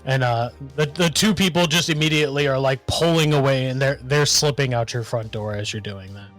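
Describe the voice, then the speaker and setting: A man's voice: medium pitch, fairly quick, fairly bright tone, soft background music. A man narrating a tabletop game as game master, in a loose, hesitant way. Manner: loose, hesitant, full of restarts.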